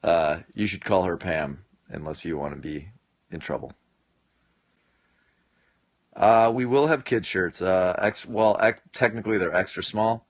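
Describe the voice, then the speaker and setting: A man in his late twenties chats casually on a home live stream, joking with viewers and laughing often. His voice sits fairly low, and the sound is dry and close, with almost no room echo. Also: measured pace, long pauses. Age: late 20s. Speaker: live-stream host answering viewer comments. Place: home basement.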